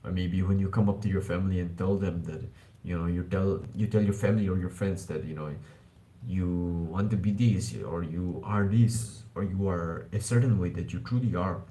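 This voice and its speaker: A man's voice: low voice, steady tone, moderate pace, warm tone, poor audio. A man streaming live about self-improvement, talking in a loose, rambling way, calling listeners bro and swearing now and then. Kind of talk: casual live-stream talk.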